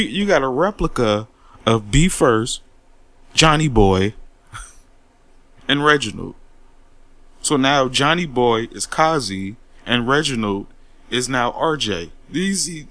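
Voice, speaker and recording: A man rants in a confrontational, profane monologue and keeps repeating words as he gets worked up. His pitch jumps widely as he talks. The sound is dry and close. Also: animated, slow pace, fairly bright tone, no echo. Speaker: commentary host. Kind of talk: heated monologue rant.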